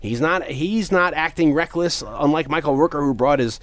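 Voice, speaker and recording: A man in casual conversation, animatedly retelling a movie scene and loudly acting out quoted lines. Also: fairly high pitch, normal speed, no room sound.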